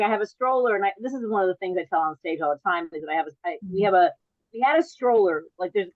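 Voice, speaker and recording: Her voice sits in the mid-range as a woman comedian rambles through a stand-up set over a video call on a virtual show. The recording is dry and the audio dull. She repeatedly halts and restarts sentences, laughing at her own jokes.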